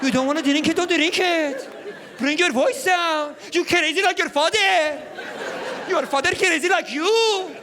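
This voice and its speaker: A man voicing his pushy Middle Eastern mother, loud and scolding on a comedy stage. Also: high-pitched, brisk, some chatter behind, slight background noise, pitched above the performer's own voice, natural voice. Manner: shouting, scolding.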